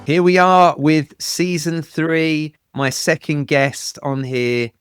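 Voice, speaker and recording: A man's voice: fairly high pitch, fairly even intonation, slow pace, faint music behind. An English man from Britain hosting a podcast, talking in a casual, jokey and chatty way. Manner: chatty, jokey, friendly banter. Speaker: podcast host.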